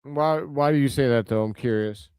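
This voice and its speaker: A man hosts a live watch-along stream, offering casual play-by-play, answering viewer comments, and bursting out excitedly over big plays. His mid-range voice moves at a normal speed with a clean tone and no room sound.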